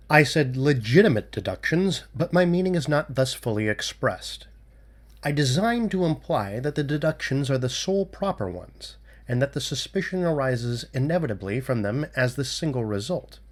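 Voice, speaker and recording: A man voicing a cool-headed male amateur detective who lays out his reasoning in a measured, lecturing way in an audiobook reading. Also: medium pitch.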